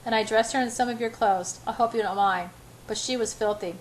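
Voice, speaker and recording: A woman voicing a brooding, intense young man in an amateur audiobook reading, murmuring his lines softly. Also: fairly high pitch, brisk, a little hiss or hum, lightly acted, low-quality recording. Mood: hesitant. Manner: soft, murmured delivery.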